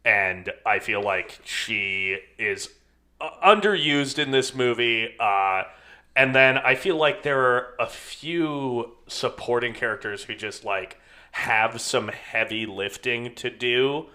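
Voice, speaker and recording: A man's voice: medium pitch, takes it slowly, bright, forceful tone. A man co-hosting a film podcast in casual chat, thoughtful and hedging with plenty of filler words.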